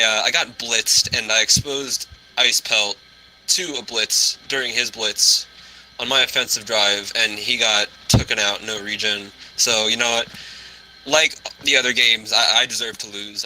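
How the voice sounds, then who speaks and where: A man recaps his own match in casual chat, animated and quick to make fun of himself. His voice is very bright and sharp, with a touch of faint noise behind it. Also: lowish voice, poor audio. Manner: animated, self-deprecating. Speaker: guest player.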